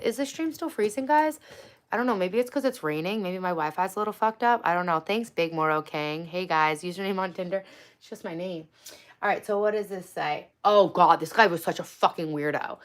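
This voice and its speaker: A woman's voice: medium pitch, a bit bright. A young woman hosting a casual livestream, reading out chat and dating-app messages with a sarcastic, swearing manner. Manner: sarcastic, profane, reads chat and messages aloud. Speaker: livestream host.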